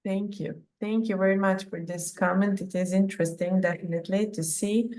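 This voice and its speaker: A woman's voice: medium pitch, fairly even intonation, moderate pace, darkish tone. A woman moderating an online training session, politely giving instructions and handing over to speakers on a video call. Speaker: webinar moderator.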